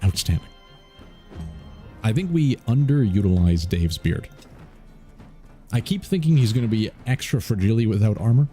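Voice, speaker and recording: A man's voice: lowish voice, lively intonation, normal speed, pauses often, mellow, soft background music. A man streaming a strategy game, joking playfully and laughing often as he comments on his moves. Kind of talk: casual let's-play commentary.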